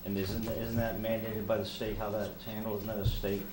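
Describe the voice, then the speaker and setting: Deep-voiced halting man in an echoey hall. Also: level tone. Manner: hesitant, halting, restarts his questions. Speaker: resident asking questions. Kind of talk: questions at a public meeting. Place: town hall meeting room. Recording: roomy hall with background noise.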